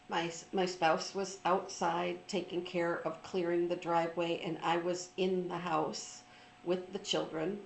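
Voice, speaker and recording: A middle-aged woman telling a personal story in an informal, reflective talk, pausing often with ums and restarts. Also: lowish voice, creaky, echoey room, a little hiss or hum, low-quality recording. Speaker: trauma recovery speaker.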